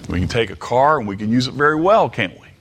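A middle-aged man preaching a sermon, slow and deliberate, repeating words for emphasis and asking the congregation rhetorical questions. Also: medium pitch, big pitch swings, fairly bright tone, slight background noise.

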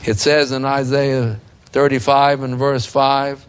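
A man's voice: medium pitch, little pitch movement, slow pace, smooth. A man preaching a sermon in a fervent, emphatic way that builds in intensity.

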